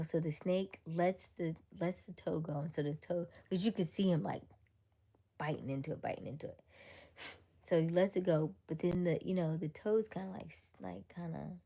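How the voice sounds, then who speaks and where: A woman from Florida hosting a livestream, telling a story in a chatty, animated way, jumping into high squeals when she quotes people. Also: gravelly. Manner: chatty with frequent fillers and restarts. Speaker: livestream host.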